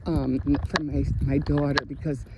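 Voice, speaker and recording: A woman's voice: low-pitched, flat delivery, measured pace, noisy background. A middle-aged woman vlogging in a rambling, chatty way, often restarting her sentences. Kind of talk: casual vlog chat.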